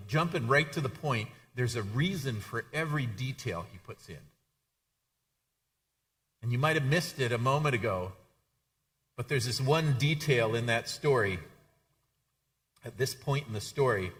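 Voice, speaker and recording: A man's voice: mid-range voice, fairly bright tone. A male pastor giving a conversational sermon, often repeating words as he restarts his sentences. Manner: conversational, frequent stammered repeats.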